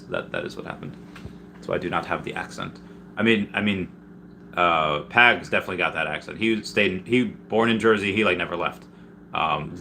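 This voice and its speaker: The speaker is a man from Peru running a casual live stream, who reads viewers' messages aloud and answers them in a wandering way, frequently beginning his sentences again. His voice is low and sharp, and faint background noise can be heard.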